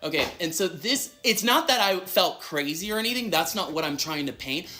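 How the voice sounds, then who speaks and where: Bright-toned man telling a story. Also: a little high, lively intonation, faint music behind. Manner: chatty, quick, dramatic retelling with acted-out quotes. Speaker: guest telling a personal story. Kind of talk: casual storytelling in an interview clip.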